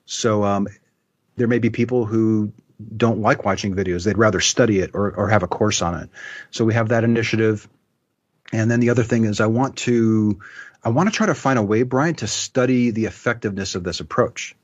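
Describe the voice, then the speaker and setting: A man as an interview guest, explaining his plans in a relaxed, thoughtful way. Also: on the low side, brisk, dull audio. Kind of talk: casual interview.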